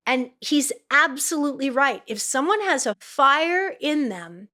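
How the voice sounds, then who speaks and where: A middle-aged woman from Los Angeles talks in a podcast interview about teaching actors. Her voice sits a little high, and she tells her stories with plenty of energy. She jumps into an excited voice when she quotes people. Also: unhurried, hardly any pauses. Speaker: acting teacher and coach.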